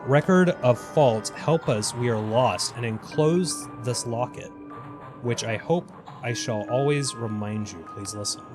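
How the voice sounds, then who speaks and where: A broken, corrupted creature mumbling cryptic fragments in a low, halting voice, as a man reads it out. It sounds quieter and lower than his usual talk. Game music plays clearly behind it. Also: lightly acted.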